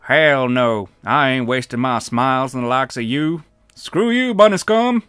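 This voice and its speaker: A man voicing a rugged, rude tough-guy with a gruff, loud, sneering delivery. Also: mid-range voice, lively intonation, a little slow, no room sound, faint music behind, voice pushed up. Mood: contemptuous.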